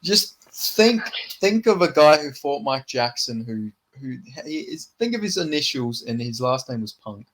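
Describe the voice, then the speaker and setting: A man's voice: medium pitch, very animated, a little slow, few pauses, a bit bright. Rambling, profane male podcast host. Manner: rambling, profane, restarts often. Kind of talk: casual podcast chat.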